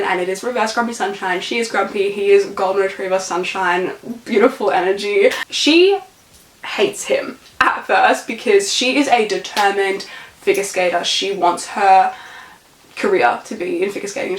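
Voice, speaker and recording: A young woman vlogging casual book reviews, gushing and calling every book stunning and beautiful. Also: medium pitch. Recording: echoey room.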